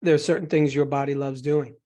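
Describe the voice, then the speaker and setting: A man hosting a coaching session, guiding his guest gently and reassuringly with examples. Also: fairly high pitch, flat delivery, fairly quick, muffled recording. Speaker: host and eating psychology coach.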